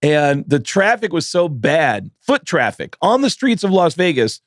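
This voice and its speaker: A man co-hosting a comedy podcast, telling stories in casual chat with quick, animated bursts. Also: a little high, no echo, clean studio sound. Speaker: podcast co-host.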